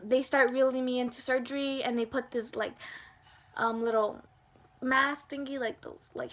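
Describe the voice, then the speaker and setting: A young woman tells a story straight to her camera, her voice sitting high for a woman. She talks casually with a constant stream of fillers and acts out what everyone said. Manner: animated, lots of fillers, acts out dialogue. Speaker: vlogger.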